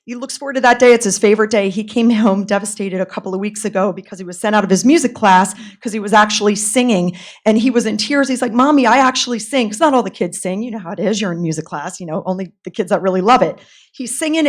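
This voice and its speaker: A woman in her thirties, a parent giving an earnest, pleading public comment at a school board meeting. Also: mid-range voice.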